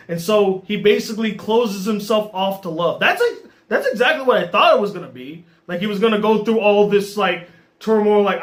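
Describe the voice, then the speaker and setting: A man reviewing a movie in an exasperated, animated rant. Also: high-pitched. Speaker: movie critic.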